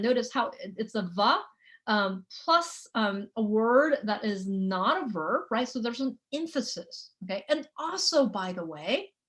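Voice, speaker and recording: A woman's voice: medium pitch, a bit bright. A woman teacher giving a recorded lecture, thinking aloud with many fillers and "right?" checks.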